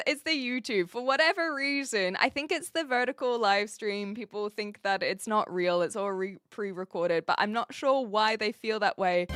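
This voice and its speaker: A woman from New Zealand with a mixed New Zealand, Australian and American accent, chatting casually and giggly as a live streamer with lots of fillers. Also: mid-range voice. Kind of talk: casual chat.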